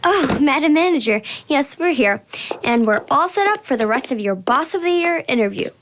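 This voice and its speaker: A nervous, dutiful assistant. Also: female voice, high voice, lively intonation, moderate pace, a bit bright, a little hiss or hum. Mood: polite. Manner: polite, anxious, hesitant. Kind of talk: children's radio drama acting.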